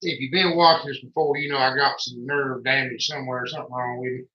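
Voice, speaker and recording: A man with a Southern Carolina accent chatting casually on a livestream in a slow, folksy, self-deprecating way. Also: mid-range voice, steady tone. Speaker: co-host. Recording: muffled lo-fi stream audio.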